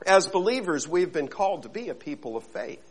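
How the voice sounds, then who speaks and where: A man's voice: a little high, sing-song, a little fast, slightly rough, poor audio. A male pastor giving a sermon, talking earnestly and conversationally, with frequent fillers and restarts. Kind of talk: sermon with opening prayer.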